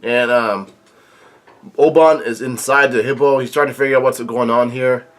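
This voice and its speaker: A man's voice: medium pitch, steady tone. A man hosting a reaction video, reading comic dialogue aloud and commenting, stumbling over words with frequent restarts. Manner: halting, frequent restarts and fillers.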